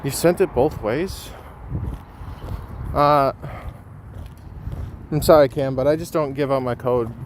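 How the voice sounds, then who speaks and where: A man's voice: mid-range voice, slow, pauses often, a little hiss or hum. A man hosting a casual live stream, chatting and reading viewer comments aloud with frequent ums.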